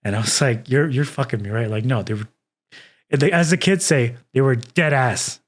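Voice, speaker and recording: A man's voice: mid-range voice, fairly quick. A man in his thirties from Texas, hosting a casual podcast chat and telling stories with lots of swearing. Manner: profane, animated storyteller. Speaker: podcast host.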